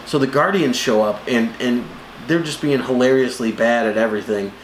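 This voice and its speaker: A man co-hosting a casual movie review, animated, jumping into high voices to act out scenes. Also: moderate pace. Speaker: co-host of a movie review show. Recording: echoey room with faint noise.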